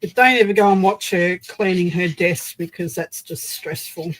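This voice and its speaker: A woman's voice: fairly low pitch, normal speed, low-quality recording. An Australian woman hosting a casual crafting livestream, chatting to viewers as she glues and assembles a project. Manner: chatty, talks while working with her hands.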